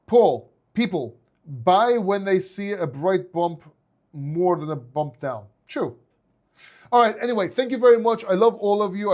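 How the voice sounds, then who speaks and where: A man's voice: high-pitched, a little mellow. A man with a Greek accent, a crypto YouTuber talking casually and heartfelt to his viewers, often restarting his words.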